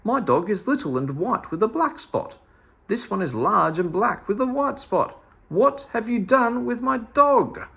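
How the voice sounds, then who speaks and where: A man voicing an indignant woman in a storybook read-aloud, insistent and sharp. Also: fairly low pitch, wildly swooping pitch, drawn-out words, hardly any pauses, husky, full character voice. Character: indignant woman, little dog's owner.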